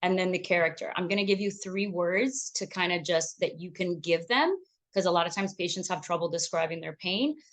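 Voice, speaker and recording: A woman physician giving a lecture on back pain with slides, explaining clearly and mixing in Spanish phrases for patients. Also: fairly low pitch, brisk. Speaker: physician teaching medical Spanish.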